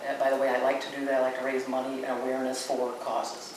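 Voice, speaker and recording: A woman's voice: extremely low pitch, completely flat delivery, fast. A woman guest telling anecdotes as an animal communicator, wandering into frequent asides. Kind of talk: anecdotal storytelling. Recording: echoey room, mic far off, noisy.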